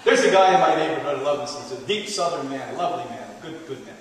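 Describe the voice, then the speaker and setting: A man's voice: a little high, lively intonation, rapid-fire, recorded from a distance. A middle-aged man giving a live health lecture to an audience, a playful storyteller who jokes as he talks. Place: large hall. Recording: echoey hall, taped from afar.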